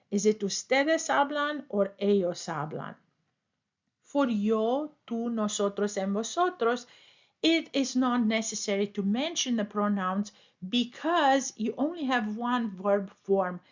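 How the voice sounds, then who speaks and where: A woman teaching a language lesson as a voice-over, explaining step by step in careful, deliberate phrases. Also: a little high. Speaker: Spanish teacher. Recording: dull lo-fi voice-over.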